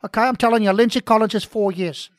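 A woman doing a rambling, prickly Australian sports journalist, out of breath and quick to take offence. He trips over his words, and the voice sounds close and dry. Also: on the high side, no echo, close to an everyday voice. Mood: blustering. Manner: rambling, stumbling, defensive. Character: blustering out-of-breath male footy journalist, touchy. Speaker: guest playing a journalist. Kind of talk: comedy sketch.

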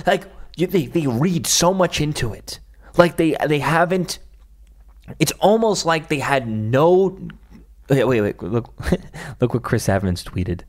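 A man's voice: medium pitch, measured pace. A man hosts a political commentary livestream and reacts to clips. He slips into angry, profane ranting, then trails off into sarcastic asides. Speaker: livestream host.

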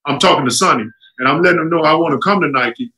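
A middle-aged man with a high, bright voice tells stories in a relaxed chat. He talks with energy and acts out the other people in his stories by shifting his pitch. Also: fast talker, rough recording. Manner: animated, acts out quotes with jumps in pitch. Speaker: guest telling stories. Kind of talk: casual storytelling.

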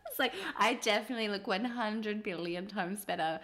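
A woman's voice: medium pitch, normal speed, a bit bright. A woman, co-hosting a casual chat in a cheeky, teasing way and laughing easily. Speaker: podcast co-host.

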